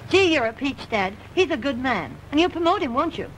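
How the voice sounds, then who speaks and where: A woman's voice: sits high, very animated, a little fast, rough recording. An actress playing a spoiled, persistent rich young woman in a 1930s film, coaxing and pleading. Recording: old film soundtrack with faint hiss.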